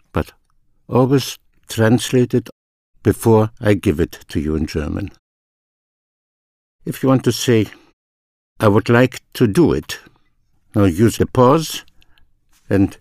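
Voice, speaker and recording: Older guy teaching a language lesson, slow and deliberate, lowish voice, dry studio sound. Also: a little mellow, no echo. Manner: slow, deliberate, repeats phrases for the learner.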